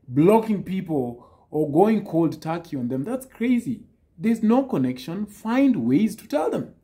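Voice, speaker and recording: A man giving casual dating advice, lively and teasing, acting out the texts he quotes. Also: fairly high pitch.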